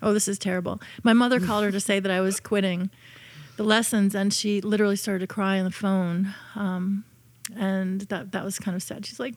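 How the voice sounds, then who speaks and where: A woman's voice: medium pitch, steady tone, fairly quick, dry recording. A woman telling personal stories in a casual chat, with many fillers and restarts.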